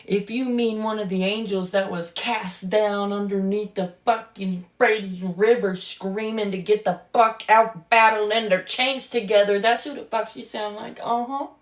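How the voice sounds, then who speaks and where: Woman, book commentator, sarcastic, profane, mocking, slow delivery, mid pitch. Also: fairly even intonation. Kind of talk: casual reaction commentary.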